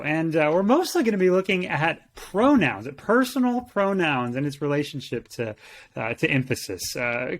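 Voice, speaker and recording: A man hosting a Bible language lesson, introducing the topic in an upbeat, joking presenter manner. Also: on the high side. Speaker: co-host, Greek teacher.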